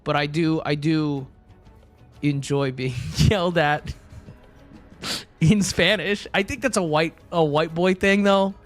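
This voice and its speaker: A man's voice: on the high side, fairly even intonation, takes it slowly, long pauses, faint music behind. A young man streaming live, chatting casually with his chat in a blunt, crude, rambling way.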